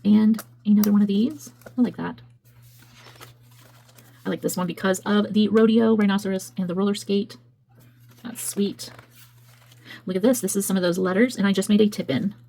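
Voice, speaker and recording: Her voice is mid-range and dark-toned, with vocal fry, a steady tone, and a brisk delivery, captured on a low-quality recording. As a craft video host, she flips through her work in a chatty, meandering way, frequently correcting herself.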